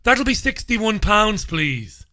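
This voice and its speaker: A man's voice: sits high, sing-song, slow, bright, forceful tone, voice pushed up, full character voice. A man voicing an officious female receptionist at a vet's, reading out instructions. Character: officious woman vet receptionist.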